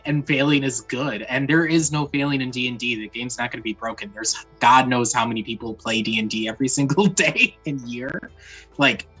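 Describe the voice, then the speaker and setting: Player talking d&d tips, husky voice, earnest and encouraging, faint music. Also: mid-range voice, a bit bright, rough recording. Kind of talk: casual chat about tabletop gaming.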